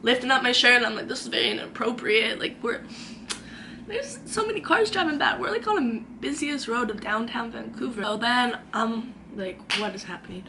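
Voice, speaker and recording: A woman's voice: fairly high pitch, animated, moderate pace, gravelly, background noise. A young woman vlogging from her own room, telling a dramatic story in a chatty way and acting out the quotes. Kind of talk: storytime vlog.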